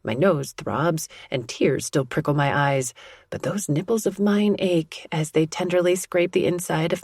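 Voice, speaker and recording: Low, breathy woman narrating a romance. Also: a little slow, dry recording, studio quality. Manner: soft, intimate. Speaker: audiobook narrator. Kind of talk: scripted first-person romance narration.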